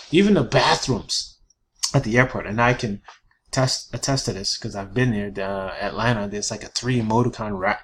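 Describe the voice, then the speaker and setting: A man's voice: mid-range voice, slight background noise. A man presenting a productivity webinar in a casual lecturing style, peppered with "you know" and "right?". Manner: chatty, fillers and tag questions.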